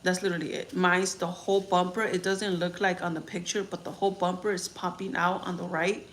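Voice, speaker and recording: On a livestream, a young woman vlogger reads comments and tells a story casually, rambling frankly and swearing. Her voice sits on the low side with a level tone and a fairly quick pace, and there's faint background noise.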